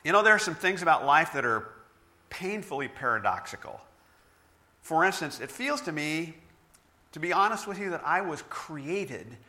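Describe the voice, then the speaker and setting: A man's voice: on the high side, sharp tone. A middle-aged man preaching a sermon, telling stories with self-deprecating humor. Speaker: pastor.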